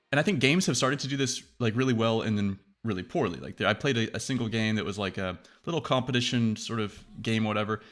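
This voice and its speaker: Animated, profane male host. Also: on the low side. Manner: animated, acts out quoted reactions; profane, rambling. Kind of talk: casual chat.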